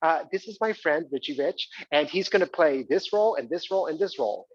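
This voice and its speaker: A man voicing a woman friend from high school, who talks in a chirpy, breezy way. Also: lively intonation, fairly quick. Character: breezy woman friend casting her own pals. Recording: dull live theater recording.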